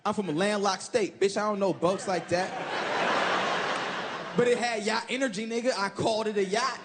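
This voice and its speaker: Male stand-up comic, high voice, brash and animated delivery, noisy live stage mic. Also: moderate pace. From Chicago. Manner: animated and profane, shouting punchlines. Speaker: stand-up comedian. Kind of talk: stand-up comedy set. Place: comedy stage before a laughing live audience. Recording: loud live room noise.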